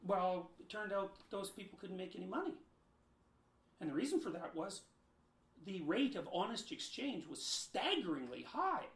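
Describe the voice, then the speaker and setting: High-voiced emphatic man lecturing. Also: big pitch swings, normal speed. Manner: emphatic, lecturing, with sharp swings in loudness. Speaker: interviewee. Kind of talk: explanatory interview answers. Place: room in his home. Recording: roomy echo.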